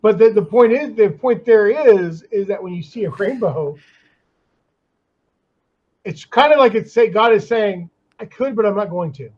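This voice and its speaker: A man's voice: high-pitched, lively intonation, moderate pace, slightly rough, muffled recording. A man in casual chat, rambling and chatty, with many restarts. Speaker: guest, comics artist.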